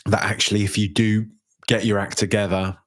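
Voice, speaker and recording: A man's voice: on the low side, level tone, fairly quick. A young man hosting a casual solo football podcast, chatting and reading out viewer messages with lots of fillers and restarts. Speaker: podcast host.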